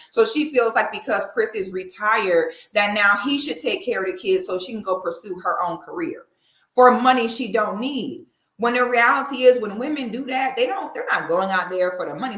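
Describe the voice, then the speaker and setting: A woman's voice: medium pitch, a bit bright, roomy sound. A woman giving blunt, opinionated commentary in a sassy, preachy way. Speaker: commentary vlogger.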